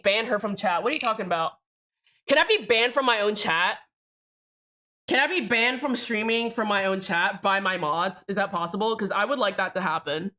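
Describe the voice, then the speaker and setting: A young woman livestreaming, talking straight to her chat in a loose, rambling way, swearing often as she works on a keyboard build. Her voice is bright and sits a little high for a woman. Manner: chatty, rambling, swears freely, addresses chat directly. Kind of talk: casual stream chat while building a keyboard.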